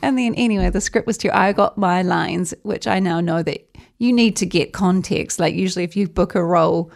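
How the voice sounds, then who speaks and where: A woman's voice: lowish voice, brisk, gravelly. Comedian guest, New woman, wry storyteller who laughs mid-line. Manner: wry, laughs through her stories, acts out quotes. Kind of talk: casual chat, storytelling.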